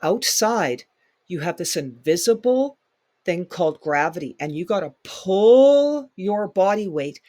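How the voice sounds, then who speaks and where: A man's voice: high-pitched, animated, measured pace, a little mellow, no room sound, studio quality. A man leading a fitness workshop as instructor, speaking emphatically and repeating his key points for the class. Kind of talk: workshop lecture.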